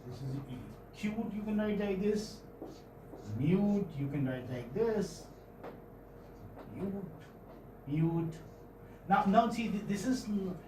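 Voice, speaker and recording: Man, Indian English accent, classroom phonetics lecture, repeats words and asks "okay?", high-pitched, faint background noise. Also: mellow. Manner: pauses often, repeats words, checks understanding with "hmm?" and "okay?". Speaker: English professor. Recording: echoey room from far off, faint noise.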